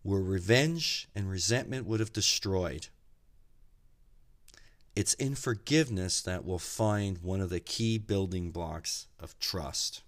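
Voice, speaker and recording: A man giving an earnest, reflective podcast talk, measured and slowing down for emphasis as he tells stories. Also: low-pitched. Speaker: podcast speaker.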